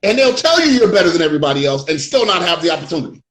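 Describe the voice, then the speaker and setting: A man hosting a relaxed interview, thinking aloud and circling back over his words before he lands a point. His voice sits a little high. The room around him is echoey. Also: racing, noisy background. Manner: reflective, repeats words as he builds up to a point. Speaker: host. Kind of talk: casual interview chat.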